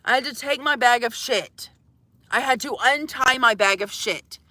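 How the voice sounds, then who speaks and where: A woman's voice: fairly high pitch, normal speed, sharp tone, dry recording. A young woman telling a comic, profane story to live viewers from inside a van, exasperated and swearing freely. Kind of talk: casual storytelling livestream.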